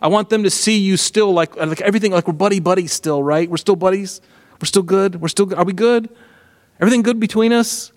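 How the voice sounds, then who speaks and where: A man's voice: sits high, a little fast, voice pushed up, close to an everyday voice. A man voicing an anxious king who begs to stay on good terms, repeating nervous questions. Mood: pleading. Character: pleading anxious male king begging approval.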